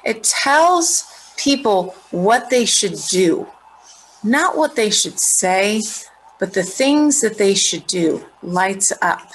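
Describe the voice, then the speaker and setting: A middle-aged woman teacher giving a recorded lesson, explaining clearly and checking in with students. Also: mid-range voice, animated, slow, a little hiss or hum, low-quality recording.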